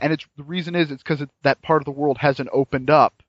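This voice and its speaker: A man's voice: on the high side, fairly even intonation, fast talker, no echo. A man chatting casually and enthusiastically about a game, rambling with frequent restarts, on dull lo-fi audio. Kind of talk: casual chat reviewing a game.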